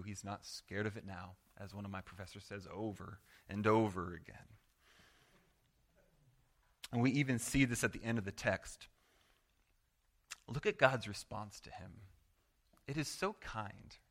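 A man preaching a sermon as pastor, earnest and conversational, swinging from loud to hushed and acting out quoted prayers. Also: lowish voice, moderate pace, long pauses. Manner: acts out quoted prayers and replies in voice.

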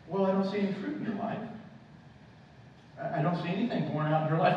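A man's voice: a little high, expressive, fast, a little mellow, slight background noise. A man preaching a sermon, with impassioned, repetitive exhortations. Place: church. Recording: echoey church from far off, dull sound.

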